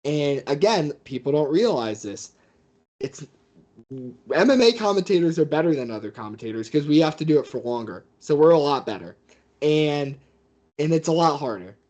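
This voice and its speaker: A man who works as a fight commentator, telling stories as a guest in a casual interview with a mid-pitched voice. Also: moderate pace. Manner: animated storyteller.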